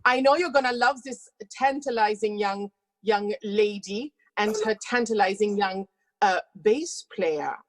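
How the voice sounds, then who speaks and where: A woman's voice: medium pitch, a little slow. A woman hosting a streamed cabaret, introducing the next act in a playful, teasing, flirtatious manner. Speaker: host.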